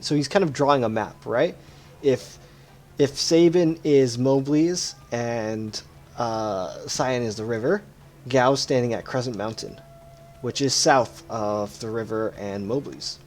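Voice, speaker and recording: A man's voice: mid-range voice, unhurried. A man hosting a let's play, giving casual, explanatory game commentary and often correcting himself mid-sentence.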